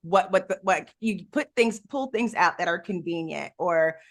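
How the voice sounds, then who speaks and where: A woman co-hosting a podcast in casual chat, animated, laughing often and jumping between topics. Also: on the low side, moderate pace. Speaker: podcast co-host.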